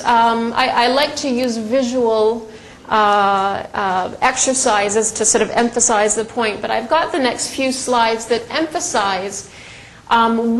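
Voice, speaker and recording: A woman's voice: on the high side, a little hiss or hum, low-quality recording. A middle-aged woman giving a conversational lecture presentation, telling stories with frequent ums and restarts. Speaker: presenter and educator.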